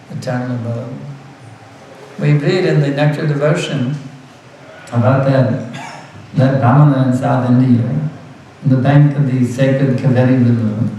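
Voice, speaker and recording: Man giving a spiritual talk, kinda high voice, earnest, repeats stuff, far from the mic in a big echoey room. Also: darkish tone, a little hiss or hum. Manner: earnest, repeats words for emphasis, laughs lightly. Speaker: spiritual teacher. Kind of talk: devotional lecture.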